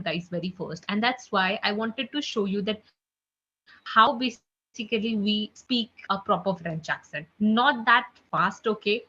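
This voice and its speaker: Woman tutor on a video call, bright voice, chatty, says guys a lot, muffled call audio. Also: medium pitch. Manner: chatty, keeps saying guys and okay. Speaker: online French tutor. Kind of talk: live online class.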